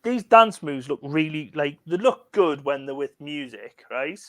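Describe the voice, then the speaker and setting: A man's voice: on the high side, lively intonation, a little slow. A man co-hosting a casual live stream, telling long, eager, rambling stories. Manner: enthusiastic, rambling storyteller. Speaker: co-host.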